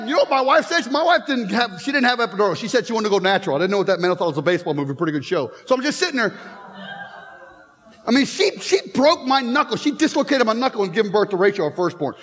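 A man in his fifties preaches from a church platform, spinning stories and teasing the congregation. His voice sits unusually high. The room rings with a long reverb. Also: a bit bright. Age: 50s. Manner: storytelling, joking with the congregation. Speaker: pastor. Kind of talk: sermon. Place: church sanctuary.

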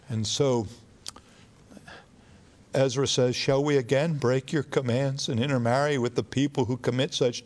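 A man's voice: medium pitch, darkish tone. A man preaching a sermon in a conversational teaching manner, reading scripture aloud with rising emphasis.

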